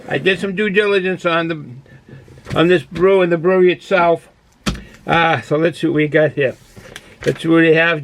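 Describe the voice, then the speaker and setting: A man's voice: a little high, a bit bright, no room sound, poor audio. A man with a Boston accent casually reviewing a beer, rambling with many fillers and restarts.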